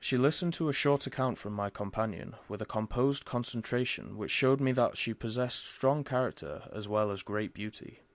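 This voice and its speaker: Male narrator, measured formal reading, mid pitch, dry close recording. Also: no echo. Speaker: audiobook reader. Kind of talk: scripted narration.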